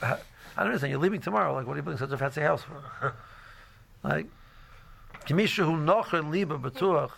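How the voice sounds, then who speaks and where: A man's voice: fairly high pitch, gravelly, a bit bright. A middle-aged man teaching a casual Torah class, rambling with many fillers and restarts and mixing in Hebrew phrases. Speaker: yeshiva teacher.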